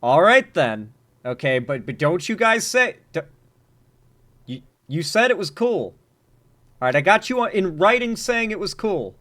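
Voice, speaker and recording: Man, reaction commentator, casual, animated, slightly high voice. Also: a little slow. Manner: animated, urgent, joking asides. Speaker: political commentator reacting to news clips.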